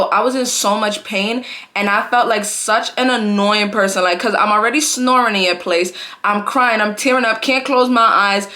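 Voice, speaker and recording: A woman's voice: a little high, bright, forceful tone. A young adult woman telling a story on her vlog in casual, slangy speech full of "like" and "bro". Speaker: vlogger.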